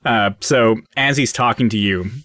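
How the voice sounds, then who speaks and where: A man's voice: on the low side, moderate pace, bright, forceful tone, dry recording, studio quality. Loose, rambling man running a tabletop game. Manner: rambling, loose, many fillers and restarts, laughs often. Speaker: game master. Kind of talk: narrating and voicing characters in a tabletop game.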